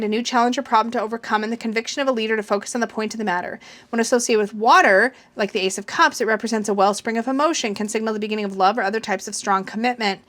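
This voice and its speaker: A woman with a slightly high voice talks through a tarot deck in a casual, chatty walkthrough. She gushes with excitement, reads passages aloud and mutters asides to herself. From Canada.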